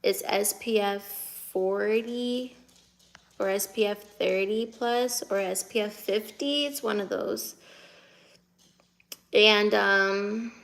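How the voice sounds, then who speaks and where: A woman's voice: mid-range voice, steady tone, takes it slowly, creaky, a bit bright. A woman in her twenties from the United States, chatting casually on a live stream and answering viewer comments as she reads them, laughing often. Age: 20s.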